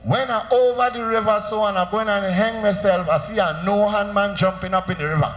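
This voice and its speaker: A male comedian with a Trinidadian accent, telling stories in a comic monologue full of animated storytelling and funny sound effects. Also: sits high, fairly quick.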